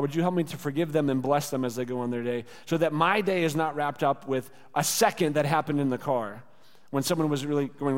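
Earnest pastor in an echoing hall. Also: male voice, a little high. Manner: earnest, conversational preaching with spoken prayers. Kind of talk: sermon. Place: church sanctuary.

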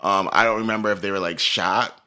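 Guy w a rambling thru a story, bright forceful voice, lots of likes and ums. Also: lowish voice, a little fast, clean tone. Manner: rambling, animated storyteller with many fillers. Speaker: podcast co-host. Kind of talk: casual chat.

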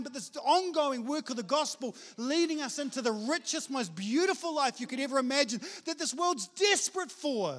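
A male pastor gives an energetic, chatty sermon, self-mocking and full of casual slang. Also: extremely high pitch. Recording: long hall reverb.

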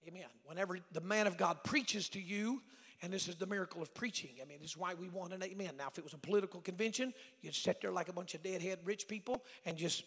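An older man preaching a sermon as evangelist, folksy and storytelling, rising to shouts. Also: sits high. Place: church sanctuary. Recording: church hall reverb.

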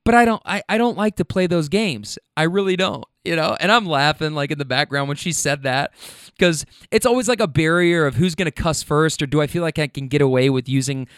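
A man's voice: on the high side, animated, a little fast, a bit bright, clean tone, no room sound, studio quality. A man hosting a podcast, telling stories casually in a rambling, profane way. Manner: rambling, profane, restarts and fillers. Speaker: podcast host. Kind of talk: casual storytelling.

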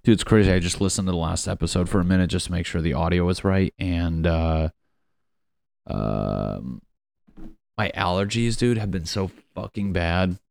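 A young man with a very low, gravelly voice rambles through a profane solo podcast rant, laughing at his own jokes. The sound is dry and close to the mic. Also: moderate pace, a little mellow, dry recording. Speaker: podcast host.

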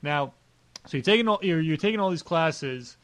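A young man hosting a podcast, asking relaxed follow-up questions in casual chat. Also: fairly high pitch, moderate pace. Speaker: podcast host. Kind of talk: casual interview.

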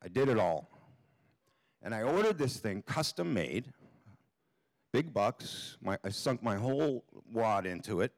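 A man's voice: on the low side, big pitch swings, unhurried, long pauses, dry recording. A man telling a comic story live on a theater stage, in a wry, offhand way with plenty of swearing.

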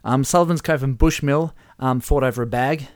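A man in casual chat, reading out game events with animated play-by-play. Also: medium pitch, fairly quick, dry recording, clean studio sound. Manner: animated play-by-play, chuckling at the results. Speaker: host running a whisky-themed game simulation.

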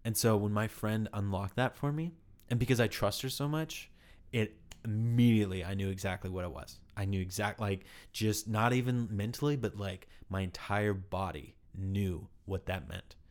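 A man's voice: lowish voice, normal speed, darkish tone. A man, an actor, telling a personal story in a casual interview, candid and rambling with lots of "like" fillers.

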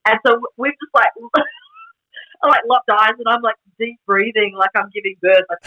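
A woman who is a jiu-jitsu black belt, telling stories in casual podcast chat, animated and peppered with "like" and laughter. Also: on the high side, normal speed, highs cut off. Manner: animated storytelling, heavy use of "like", frequent laughs.

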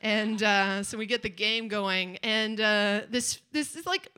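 A woman's voice: medium pitch, a little slow, pushed and bright, clear, resonant tone. A woman telling a rambling, self-mocking comic story on stage at a live show, with chatty asides to the crowd.

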